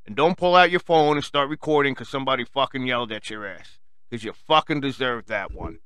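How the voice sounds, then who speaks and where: A man's voice: mid-range voice, a little fast, very noisy. A man hosting his own radio segment, ranting angrily with constant swearing and mocking voices. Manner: angry, swearing, mocking quoted people. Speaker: radio show host. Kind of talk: profane rant.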